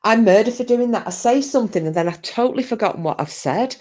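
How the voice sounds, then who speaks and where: A woman's voice: on the high side, animated, fast, darkish tone. A British woman hosting a casual livestream, telling rambling stories and breaking into giggles while reading out comments. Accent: British English. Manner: giggly, rambling storyteller who breaks into laughter. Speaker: livestream host.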